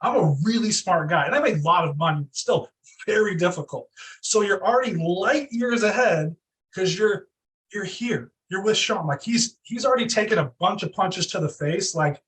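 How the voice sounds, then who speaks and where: A man being interviewed, telling stories fast and animated, acting out quotes in exaggerated voices. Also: sits high, recorded from a distance, rough recording. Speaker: real estate team leader, guest. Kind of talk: energetic storytelling interview.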